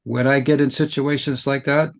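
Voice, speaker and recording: A man hosting an interview, chatty and quick to jump in with his own stories. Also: mid-range voice, flat delivery, gravelly. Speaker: podcast host. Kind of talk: casual interview chat.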